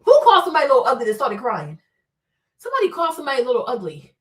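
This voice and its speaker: A woman hosting a livestream, giving blunt, animated commentary full of rhetorical questions. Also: high voice, racing, far from the mic. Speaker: livestream host.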